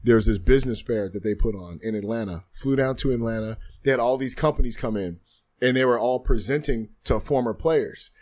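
A thirty-something ex-footballer sits as a guest in a podcast studio, recounting his life with candor and reflection. His voice is mid-range and somewhat dark in tone, his pace fairly quick, and he tends to repeat phrases.

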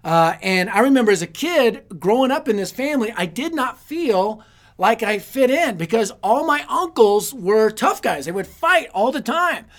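Man, higher voice, youth preacher, funny self-deprecating storyteller, punchy timing. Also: sing-song, moderate pace, a bit bright. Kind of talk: humorous storytelling sermon.

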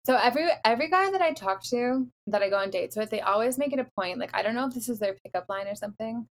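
A woman's voice: on the high side, fast talker. Chatty young woman telling a dating story. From Los Angeles area. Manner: animated storytelling, frequent "like" fillers. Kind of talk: casual chat.

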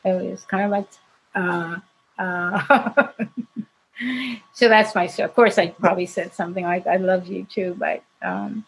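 Woman, actress guest on a video-call interview; husky, chatty storyteller who laughs a lot. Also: fairly low pitch, fairly even intonation, a little slow, long pauses, low-quality recording. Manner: chatty, laughs often while telling stories. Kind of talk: casual anecdote telling.

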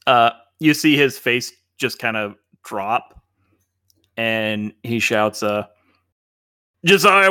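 Relaxed man running a tabletop game. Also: mid-range voice, clear, resonant tone, dry recording, clean studio sound. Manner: relaxed, rambling, filler-heavy. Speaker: game master.

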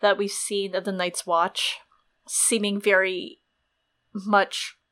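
A woman's voice: mid-range voice, little pitch movement, slow pace, fairly bright tone. A woman co-hosting a podcast, chatting casually and rambling about a book with many fillers. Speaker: podcast co-host.

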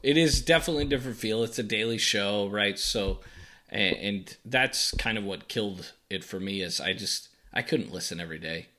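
A man's voice: on the low side, normal speed, pushed and bright. A man co-hosting a podcast in casual chat, laid-back, reading listener messages aloud. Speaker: podcast co-host.

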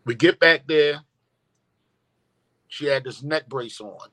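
Man, guest telling a story, emphatic and profane, forceful bright tone. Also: fairly high pitch, slow pace. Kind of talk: storytelling in casual conversation.

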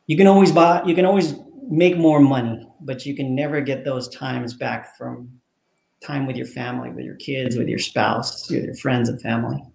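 A man with a gravelly voice, speaking as a guest author. He tells his story with animation, acting out each person's lines. His voice rings in an echoey room. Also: mid-range voice, darkish tone. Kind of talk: interview storytelling.

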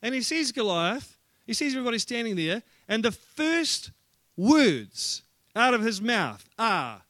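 A male pastor delivering a lively sermon, telling stories with humour and plenty of energy. His voice sits high and sounds bright and forceful. The recording is dry and close, with no audible room sound. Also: unhurried, no room sound. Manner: energetic, humorous storytelling.

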